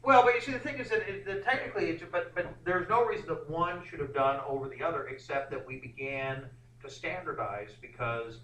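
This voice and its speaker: A man teaching a history class, lecturing in a rambling, animated way with many fillers and restarts. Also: fairly high pitch, brisk, hardly any pauses, slight background noise. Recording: echoey classroom from far off.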